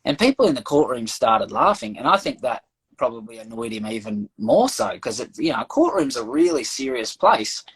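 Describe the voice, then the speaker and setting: An Australian man chats loosely as a podcast guest and spins an anecdote. He mimics the people he quotes, and his voice has a slightly breathy, husky grain. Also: medium pitch, normal speed, poor audio. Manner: animated anecdote-telling, acts out quoted voices. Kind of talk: casual storytelling chat.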